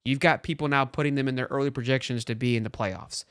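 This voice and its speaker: A man with a mid-range voice hosting a sports talk show. He talks quickly and with energy, often restarting his sentences. His voice is recorded close and dry. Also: medium pitch, no echo. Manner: animated, talks fast with restarts.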